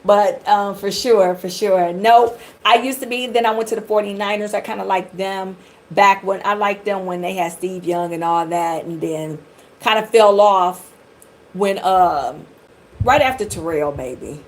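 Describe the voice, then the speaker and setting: A middle-aged woman from the Detroit area gives a live tarot reading, chatting and rambling directly to her viewers. Her voice is medium-pitched and unhurried, and the audio quality is poor.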